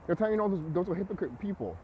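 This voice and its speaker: High, lively-voiced man ranting. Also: racing, phone-quality sound, a little hiss or hum. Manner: agitated, profane, preachy, repeats himself. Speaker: vlogger. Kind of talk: ranting monologue to camera.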